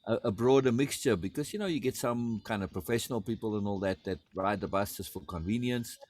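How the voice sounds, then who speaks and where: A man from outside the United States talking in a relaxed conversation, repeating words and laughing often as he tells a travel story. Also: lowish voice, fairly quick. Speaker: podcast host. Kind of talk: casual conversation.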